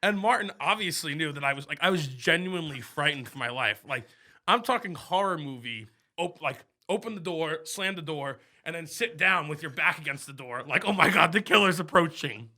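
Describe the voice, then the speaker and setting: Brief: young male podcast co-host, very bright tone, lively storyteller who acts out scenes. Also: fairly high pitch, normal speed. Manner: animated storytelling, acts out his own screams. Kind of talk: casual chat.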